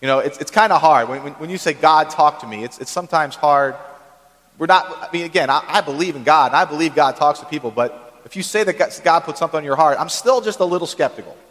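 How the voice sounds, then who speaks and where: A male pastor delivers a sermon in a relaxed, conversational way, often turning to the congregation with short asides. His voice sits slightly high for a man. The sound carries a long reverb from a large church hall. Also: quick pace. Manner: conversational preaching with frequent "right?" asides.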